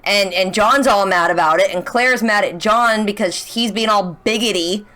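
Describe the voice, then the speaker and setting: A young woman chatting casually as she recaps a TV episode. She is excitable, full of "like" and rhetorical questions. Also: medium pitch, normal speed. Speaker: reaction channel host.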